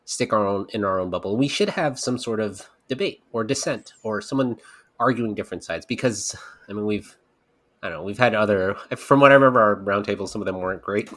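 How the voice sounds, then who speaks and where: Low-voiced rambling podcast host. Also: male voice, lively intonation, a little fast, a bit bright. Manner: rambling, candid, swears casually. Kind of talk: casual podcast chat.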